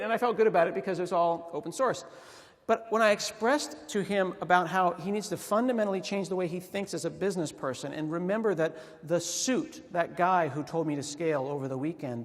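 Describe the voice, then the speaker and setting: A man giving a humorous conference talk, telling a story and acting out the voices of the people in it. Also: sits high. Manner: animated storytelling with quoted voices. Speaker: conference speaker. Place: large conference hall. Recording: reverberant hall.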